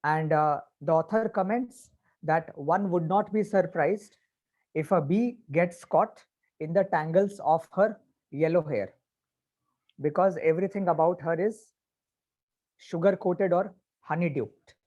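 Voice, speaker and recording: A man explaining a story to a class as their teacher, patiently and with pauses. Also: on the high side, darkish tone, muffled recording. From India.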